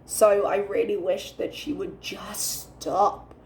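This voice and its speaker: Young woman on a reaction channel, bit of vocal fry, rants and swears, very candid. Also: medium pitch, steady tone, slow pace, darkish tone, slight background noise. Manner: ranting, candid, swears freely. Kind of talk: commentary.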